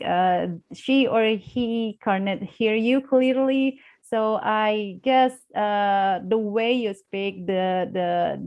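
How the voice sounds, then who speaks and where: A woman's voice: medium pitch, darkish tone, highs cut off. Woman, young, Indonesian accent, hesitant, lots of fillers, live class guest. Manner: hesitant, many fillers and restarts. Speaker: guest speaker on English accents. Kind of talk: live online class discussion.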